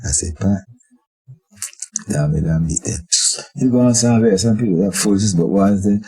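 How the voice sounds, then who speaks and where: An older Barbadian man tells stories as an interview guest, and his voice is low and gravelly with a rough, raspy edge. He jumps into the voices of the people he describes, so his delivery is lively. The tone sits dark and mellow. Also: normal speed, long pauses, rough recording. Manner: animated, acts out voices in his anecdotes. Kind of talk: storytelling chat.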